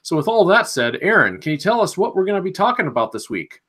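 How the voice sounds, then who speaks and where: A man's voice: sits high, very animated, fast, fairly bright tone, slight background noise. A man from the Midwest hosting a rugby podcast in a folksy, easygoing way. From Midwest United States. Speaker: podcast host.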